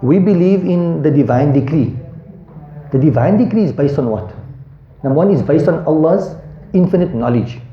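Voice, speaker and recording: A man's voice: fairly high pitch, animated, moderate pace, a little hiss or hum. A man teaching a Quran lesson, thinking aloud, quizzing his students, and reciting Arabic verses swiftly. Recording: echoey room, dull lo-fi sound.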